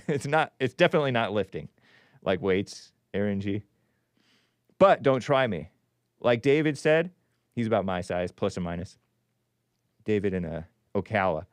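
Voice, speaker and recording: A man's voice: on the low side, lively intonation, moderate pace, long pauses, no room sound. Guy hosting a call-in stream, sarcastic and rambly, voice jumps all over, clean dry sound. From California. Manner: sarcastic, rambling, chuckling asides. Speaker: host of a call-in show. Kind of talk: casual live-stream commentary.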